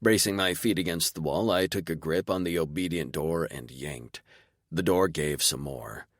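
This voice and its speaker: A man's voice: extremely low pitch, moderate pace, no echo. A man narrating a first-person sci-fi audiobook with a dry, sardonic delivery.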